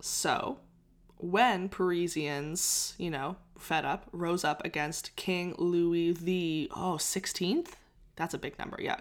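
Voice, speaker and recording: A young woman in casual conversation, telling a history story with frequent laughs and restarts. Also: lowish voice. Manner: chatty, laughs often, trails off and restarts. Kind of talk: casual chat.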